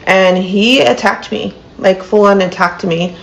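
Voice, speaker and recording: A woman's voice: medium pitch, a little slow, creaky, a little hiss or hum, rough recording. Earnest woman telling a personal story. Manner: earnest, many fillers like "like" and "um". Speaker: storyteller in a played clip. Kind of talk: personal story told to camera.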